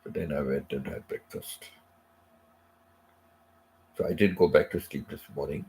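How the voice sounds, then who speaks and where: Recovering from sickness and sounding a bit under the weather, a middle-aged man rambles through a casual live-stream chat, repeating phrases and dropping many "you know" asides. His very low voice is gravelly and fry-heavy, with fairly even intonation, a slightly slow and mellow delivery, and a little hiss or hum.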